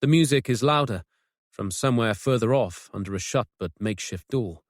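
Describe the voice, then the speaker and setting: Male audiobook narrator, mid-range, measured and suspenseful, dry close studio sound. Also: mid-range voice, dry recording. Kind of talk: scripted narration.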